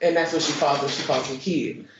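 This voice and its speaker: A woman giving courtroom testimony, halting and repeating herself with many fillers. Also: deep voice, steady tone, background noise. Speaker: witness. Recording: echoey muffled courtroom stream.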